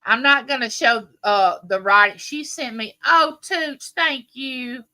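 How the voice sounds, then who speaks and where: This is a high, slow female voice belonging to a livestream host in her late 50s. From home, she keeps up casual, friendly chatter and long, meandering stories for her audience.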